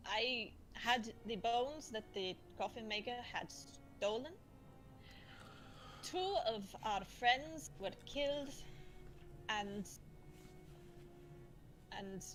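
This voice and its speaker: Woman, tabletop player, in-character, earnest, defensive, slightly high voice. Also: fairly bright tone, rough recording. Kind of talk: playing a character in a tabletop game.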